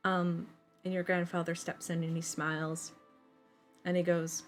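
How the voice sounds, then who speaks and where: A woman narrating as game master of a tabletop game, halting with many fillers. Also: lowish voice, little pitch movement, faint music behind.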